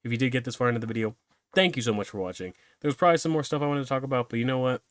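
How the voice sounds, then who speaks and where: A man's voice: medium pitch, very fast, no echo, clean studio sound. Rambling young man hosting a solo podcast. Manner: rambling, self-deprecating, laughs easily. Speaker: podcast host.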